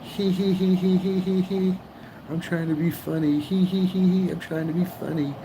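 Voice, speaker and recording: A shrill, sneering woman who titters and tries too hard to be funny, as a man mimics her. The voice is pitched very high over a hum of road noise inside a vehicle. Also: little pitch movement, normal speed. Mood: mocking. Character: mocking giggly woman trying to be funny.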